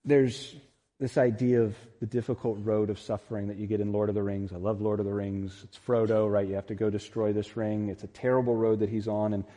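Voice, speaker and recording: A man's voice: fairly low pitch, level tone, brisk, dark tone. A man preaching a sermon as pastor, earnest and emphatic, building to peaks. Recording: long reverb in a large hall.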